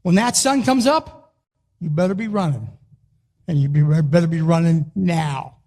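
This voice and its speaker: A man delivers a rousing motivational talk, his voice pitched high for a man. He hammers short phrases again and again like a wrestling coach pushing his team. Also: normal speed, darkish tone. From Philadelphia, US. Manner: emphatic, punchy, repeats short phrases. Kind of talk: motivational speech.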